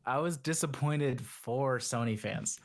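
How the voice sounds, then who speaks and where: Young male co-host, mid-pitched voice, rambling casual delivery full of fillers. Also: unhurried. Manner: rambling, heavy use of "like", mocking impressions. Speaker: podcast co-host. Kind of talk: casual chat.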